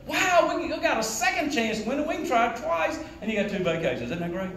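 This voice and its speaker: A man giving a sales training talk to a live audience, quizzing the crowd and acting out sales pitches. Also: very animated, fast, few pauses, a bit bright, far from the mic. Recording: roomy hall echo with faint noise.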